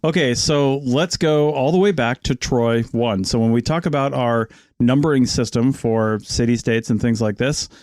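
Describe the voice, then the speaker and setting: A man's voice: mid-range voice, normal speed, few pauses, a little mellow, no room sound. Dry-humored man co-hosting a podcast. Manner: dry, joking, corrects his co-host. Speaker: podcast co-host. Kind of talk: casual podcast chat. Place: RV parked near the sea.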